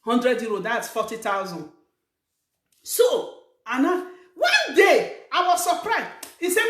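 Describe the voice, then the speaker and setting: A middle-aged Nigerian woman hosting her own show, lecturing viewers in an emphatic, scolding way that rises to shouts. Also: high voice, big pitch swings, a little slow, roomy sound. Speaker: talk show host. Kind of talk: preaching monologue to viewers. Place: living abroad, in a room.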